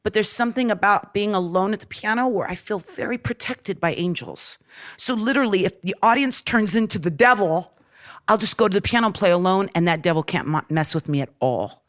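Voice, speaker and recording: A woman's voice: medium pitch, expressive, a little fast. A woman in her forties, a rock singer speaking openly and from the heart in an interview, with frequent fillers. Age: 40s. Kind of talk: candid interview talk.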